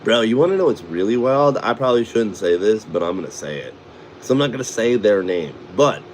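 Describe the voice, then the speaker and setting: A middle-aged man from Chicago chats casually, swearing freely and breaking into laughs. His voice sits low. A faint hum of air conditioning runs behind him in the car. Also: darkish tone. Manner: profane, laughs often, does voices. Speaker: vlogger. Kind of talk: casual rambling chat.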